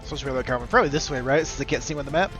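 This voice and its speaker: A man's voice: medium pitch, very fast, fairly bright tone. A man streaming a game, chatting in a joking, rambling way and talking to viewers as folks. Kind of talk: casual gameplay commentary. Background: game music.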